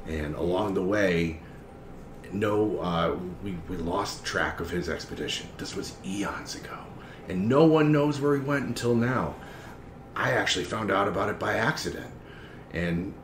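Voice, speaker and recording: A man voicing the Cardophile, a hushed scheming broker. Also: deep voice, natural voice. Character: scheming male map-obsessed alien broker. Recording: echoey room, faint background noise.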